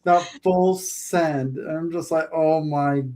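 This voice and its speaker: A woman joining a casual chat, reacting in a relaxed way between laughs. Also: deep voice, slow, a loud crowd. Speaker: chat participant.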